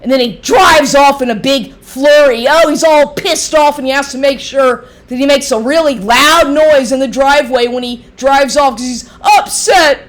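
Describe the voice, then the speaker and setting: A woman's voice: high-pitched, normal speed, hardly any pauses. A middle-aged woman ranting angrily into the camera, profane, heated and sarcastic, mocking the man she addresses. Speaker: vlogger. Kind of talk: angry ranting monologue.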